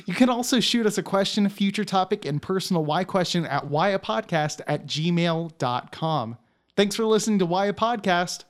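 A man's voice: high voice, expressive, normal speed. A man hosting a podcast, reading a jokey casual outro and rattling off lists. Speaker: podcast host.

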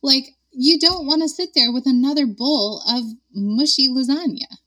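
A woman's voice: high-pitched, moderate pace, sharp tone, dry recording, distant mic. A woman in her thirties, a dietitian, chatting casually on a podcast, laughing often and saying "like" a lot. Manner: chatty, giggly, lots of "like". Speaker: guest dietitian.

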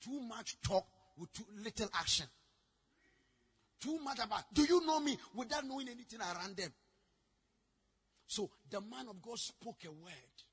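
A man preaching a sermon, telling stories with sudden shouted lines. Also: high voice, lively intonation, unhurried, pauses often, husky. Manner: dramatic storytelling, bursts into shouting. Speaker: pastor.

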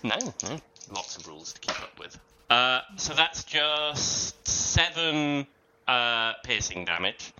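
Bright-toned man playing a tabletop game. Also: medium pitch, sing-song, slow pace, clean tone, low-quality recording. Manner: hesitant, many ums while rolling dice. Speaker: player.

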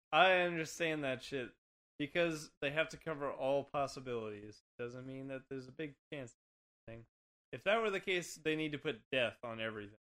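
A man's voice: medium pitch, moderate pace, fairly bright tone. A man co-hosting a casual gaming podcast, making dry, wry remarks. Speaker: podcast co-host.

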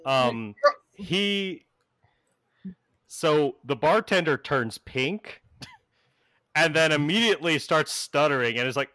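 Male game master, lively pitch, laughs through his narration. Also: slow pace, pauses often, no room sound, studio quality. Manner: laughs often, animated and loose.

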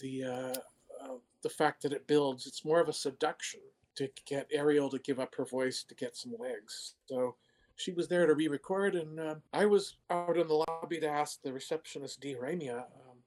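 A man telling stories as a guest on a show, pausing often and acting out quotes. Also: a little high, darkish tone. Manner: halting, many fillers, acts out quotes. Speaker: guest animator. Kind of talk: casual storytelling.

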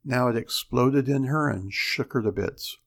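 Male narrator, gravelly, mid pitch, measured dramatic delivery for a story reading. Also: a bit bright.

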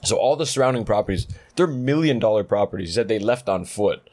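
A man in casual chat, telling a story with lots of laughter and acting out the people in it with loud, raised voices. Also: lowish voice, brisk. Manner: animated storyteller, acts out quotes loudly, laughs often.

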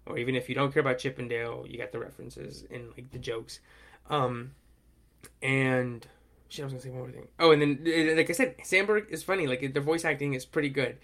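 A young man co-hosts a podcast in a mid-range voice, speaking a little fast. The casual chat finds him animated and rambling, full of fillers.

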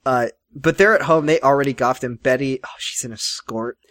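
A podcast co-host recapping a TV episode in casual chat, animated and sarcastic, swearing and slipping into quoted voices. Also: mid-range voice, brisk, no room sound, clean studio sound.

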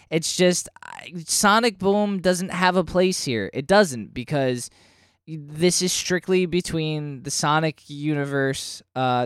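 Man, podcast co-host, smooth clear voice, dry close sound, casual chat, animated ranting. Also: on the high side, dry recording. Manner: animated, swears when worked up. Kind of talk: casual comic book review chat.

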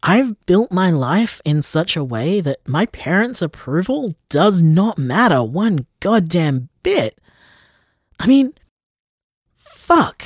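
A hurt young man, played by a man, talks slowly and falters, his voice rising and falling widely as he doubts himself. He drops often into whispers. The recording is close and dry. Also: high-pitched, big pitch swings, no echo, heavily acted. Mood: hurt, upset. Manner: shaky, self-doubting, trails off into whispers. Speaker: estranged son confiding in his partner. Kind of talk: audio drama acting.

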